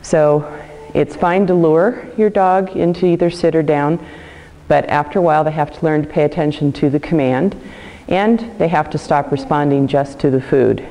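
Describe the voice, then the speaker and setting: A woman dog trainer with a low, mellow voice explains each step calmly and praises her dog in brief bursts. Her voice carries a long reverb, as in a training hall. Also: moderate pace. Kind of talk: instructional demonstration.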